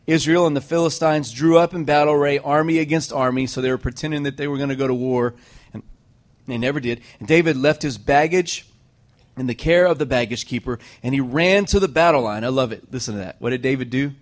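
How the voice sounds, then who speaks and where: Man preaching a lively sermon. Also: medium pitch, fairly quick. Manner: lively storytelling with joking asides to the congregation. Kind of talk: sermon retelling a scripture story.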